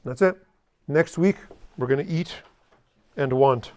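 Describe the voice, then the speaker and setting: A man's voice: mid-range voice, a little slow, a little mellow. A man teaching a language class, blunt and joking, drilling students to repeat after him. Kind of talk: classroom lesson.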